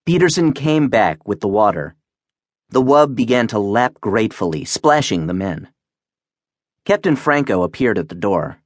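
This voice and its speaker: A man reading science fiction aloud as an audiobook narrator, in a measured, expressive way on a close studio mic. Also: on the low side, no echo. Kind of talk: scripted narration.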